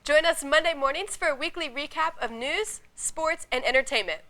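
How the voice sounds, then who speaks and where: A woman's voice: sits high, normal speed. A young woman from Indiana, cheerfully hosting a student TV show. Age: young adult. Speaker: student TV host.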